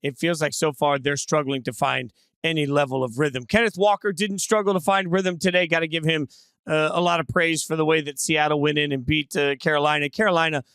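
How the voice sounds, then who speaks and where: A man's voice: on the high side, fairly even intonation, a little fast, fairly bright tone, clear, resonant tone, no room sound. A middle-aged man hosting a casual sports analysis chat, opinionated and brash in his calls. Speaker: sports show host.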